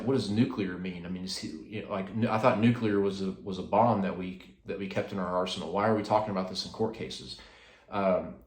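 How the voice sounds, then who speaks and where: A man's voice: on the low side, reverberant. A man hosting a casual devotional talk, speaking in a rambling way with many fillers and restarts. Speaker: host.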